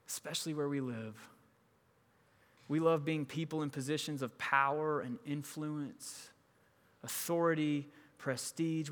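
A man with a bright, fairly high voice preaches a sermon in a conversational way, acting out the people in his stories. His words ring with the long reverb of a large sanctuary. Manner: conversational, acts out quoted people. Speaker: pastor.

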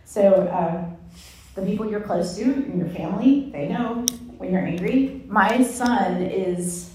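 A woman in her forties giving a candid, self-mocking teaching talk at a women's Bible study, telling stories with animated energy. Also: medium pitch, a little slow, noisy background. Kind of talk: sermon-style teaching talk. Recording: echoey room from far off, faint ambience.

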